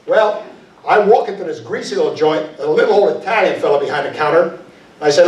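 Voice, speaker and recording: A man crooning old-fashioned 1940s-style ballads and telling vaudeville jokes in a live show at a veterans home. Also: high-pitched. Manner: quick, punchy joke delivery with chuckles. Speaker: singer and stand-up comic. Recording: roomy live hall, mic at a distance, with band.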